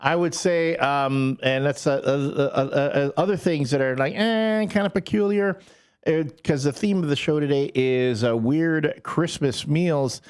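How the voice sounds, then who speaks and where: A man co-hosting a morning radio show, talking in a rambling, halting, jokey way. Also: a little high, darkish tone, clear, resonant tone. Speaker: radio co-host. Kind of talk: casual morning radio banter.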